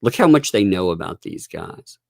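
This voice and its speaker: A man ranting through live-stream commentary with a gravelly edge, his pitch swinging widely as he mocks and laughs. The sound is dry and close to the mic. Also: sing-song, normal speed, dry recording. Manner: laughing, mocking, exasperated rants.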